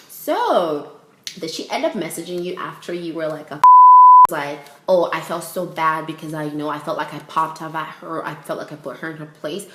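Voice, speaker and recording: A young woman telling a casual storytime vlog, animated and laughing as she acts out everyone's lines. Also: low-pitched, roomy sound, background noise. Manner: animated, quotes people in voices, laughs a lot.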